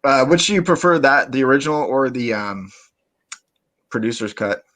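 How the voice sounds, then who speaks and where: A man's voice: medium pitch, animated, normal speed, bright, forceful tone. Laid-back man hosting a call. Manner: laid-back, frequent "uh" fillers. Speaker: podcast host. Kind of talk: casual chat.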